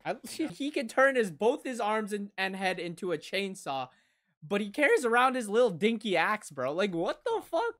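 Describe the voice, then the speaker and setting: A young woman hosting an anime reaction, talking over the episode with excited, profanity-laced outbursts. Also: medium pitch, moderate pace. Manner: excitable, swears a lot, loud sudden outbursts. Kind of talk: live reaction commentary.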